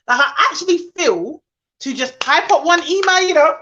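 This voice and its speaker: A woman with a Jamaican accent speaks in a high voice, heated and indignant as she makes her point in casual conversation. The audio is a little muffled and lo-fi, like a video call. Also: lively intonation, normal speed, pushed and bright. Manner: impassioned, indignant. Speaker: nanny podcast host.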